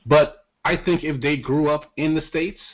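A man's voice: on the high side, steady tone, unhurried. Blunt, profane man on muffled audio. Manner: blunt, profane, stammers on restarts. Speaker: podcast co-host. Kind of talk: casual political chat.

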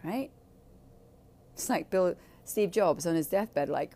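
A woman's voice: lowish voice, slow, long pauses, mellow. A woman speaking candidly in a blunt, profane and emphatic way. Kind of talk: candid casual talk.

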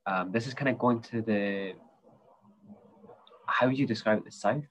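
A man chatting casually about a trip, relaxed and prompting his co-host. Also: on the low side, moderate pace, a little hiss or hum, rough recording. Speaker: podcast co-host. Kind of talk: casual travel chat.

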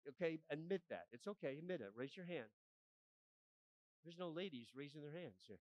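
A male pastor in his forties preaching a sermon, often asking the congregation for an amen and building to loud, emphatic peaks. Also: on the high side, lively intonation, normal speed, dry recording, poor audio. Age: 40s.

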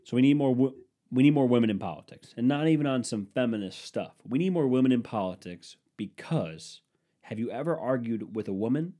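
A man's voice: medium pitch, expressive, brisk. Stuffy-nosed man on a swearing comedy rant. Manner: swearing, ranting, swings between loud and muttered. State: stuffy nose. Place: room at home with a dehumidifier running.

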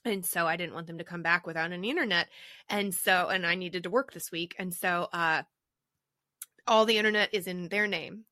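A woman co-hosting a podcast in casual chat, telling stories in an animated, chatty way. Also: fairly low pitch, moderate pace, dry recording, studio quality. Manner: chatty storyteller, animated retelling. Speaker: podcast co-host. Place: home recording with a drink.

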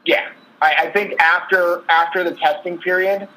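A man's voice: high voice, steady tone, moderate pace, pushed and bright, rough recording. A man co-hosting a casual sports podcast, telling stories and listing trade details. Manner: storytelling, lists trade details. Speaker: podcast co-host.

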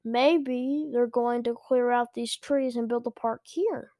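A woman's voice: a little high, fairly even intonation, takes it slowly, mellow, dry recording, clean studio sound. A woman reading the part of a worried, hesitant mother in a storybook. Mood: suggesting. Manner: fretful, hesitant. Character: worried middle-aged mother on a road trip.

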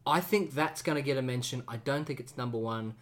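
A podcast co-host chatting casually, giggly and vamping while thinking aloud. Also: mid-range voice. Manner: slow, lively, giggly, vamping. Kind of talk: casual chat.

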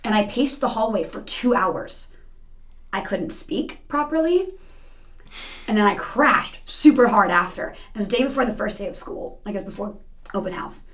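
A woman who teaches second grade, telling stories in a quick, animated way during a casual interview. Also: mid-range voice.

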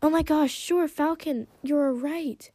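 A woman voicing an excitable young female dragon who gushes and shrieks. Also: slow pace, no room sound, close to an everyday voice. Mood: anxious. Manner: shrill, gushing.

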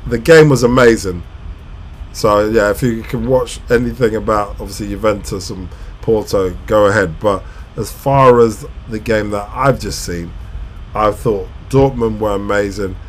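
A man reacting live to a football match, shouting at the action, then chatting casually through a recap of the game. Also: lowish voice. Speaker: live football watch-along commentator. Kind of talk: casual post-match analysis.

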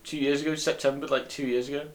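A young British man in casual film chat with friends, animated, laughing often and restarting his sentences. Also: mid-range voice, quick pace.

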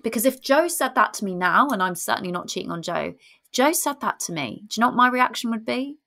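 A woman in her thirties giving frank, casual relationship advice, animated and swearing freely. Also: on the high side, quick pace, creaky.

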